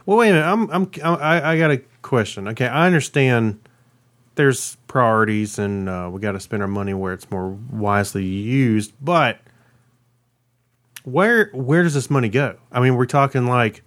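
A man's voice: mid-range voice, normal speed, fairly bright tone. A man co-hosting a casual podcast, joking and hesitant with frequent restarts. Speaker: podcast co-host.

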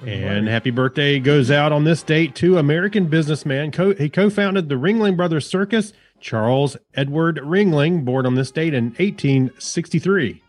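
A man's voice: a little high, expressive, moderate pace, hardly any pauses, soft background music. A man co-hosting a podcast in casual banter, easygoing, with short interjections. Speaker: podcast co-host.

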